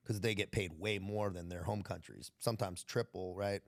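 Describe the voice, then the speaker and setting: Gravelly, laid-back American man telling stories. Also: fairly low pitch, moderate pace. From United States. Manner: laid-back, profane, laughs through his stories. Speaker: guest, military veteran. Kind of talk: casual podcast storytelling.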